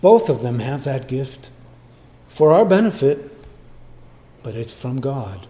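In a very animated sermon, the man swings from emphatic, loud declarations to quiet, low remarks, now and then putting on boastful voices for short quoted passages.

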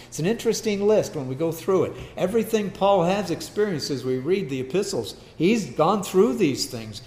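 A man's voice: a little high, expressive, normal speed, few pauses, darkish tone, roomy sound. A man preaching a sermon as pastor, emphatic and repeating key phrases.

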